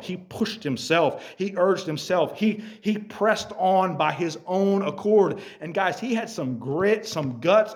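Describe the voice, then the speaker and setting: This youth-group sermon comes from a man with a fairly high voice who swings animatedly between quiet remarks and shouting. He addresses his listeners head-on.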